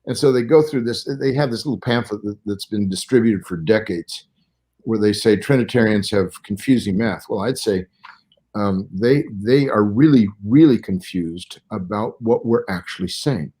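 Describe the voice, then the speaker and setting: A man's voice: on the low side, normal speed, warm tone. Man in his sixties, lecturing scholar. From Southern California. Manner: careful, lecturing, explains step by step. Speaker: guest Bible scholar. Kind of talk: interview explanation.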